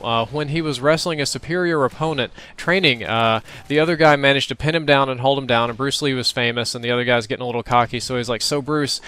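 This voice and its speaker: A young man offers casual, reflective commentary over gameplay, talking conversationally and laughing now and then. His mid-range voice is slightly bright.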